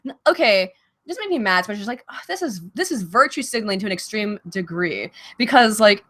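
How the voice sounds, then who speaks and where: A woman's voice: medium pitch, expressive, brisk, a bit bright. Blunt, profane woman streamer. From Virginia and Baltimore. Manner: blunt, profane, laughing often. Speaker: streamer answering viewer questions. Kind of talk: casual livestream Q&A. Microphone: desk mic.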